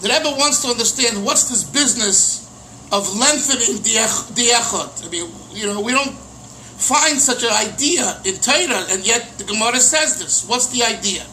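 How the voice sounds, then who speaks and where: A middle-aged rabbi teaching a text in a relaxed, conversational way, acting out the questions as he explains. His voice sits very high and sounds piercingly bright. A faint hiss of noise runs underneath. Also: moderate pace, rough recording. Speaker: rabbi teaching Chassidic texts. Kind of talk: casual Torah lesson.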